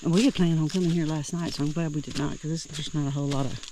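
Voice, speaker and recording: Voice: medium pitch, fairly even intonation, racing, noisy background. A hiker vlogging outdoors on a forest trail, chatting casually and thinking aloud in a rambling, easygoing way. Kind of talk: casual trail vlog narration. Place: outdoors in the woods by a creek.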